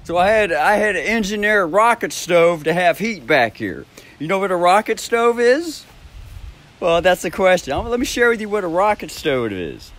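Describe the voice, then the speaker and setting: A man's voice: sits high, big pitch swings, moderate pace, a bit bright. A man telling a rambling story at his home, laughing often between phrases and swearing freely. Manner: rambling with frequent restarts. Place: at his own home, by a backyard shed.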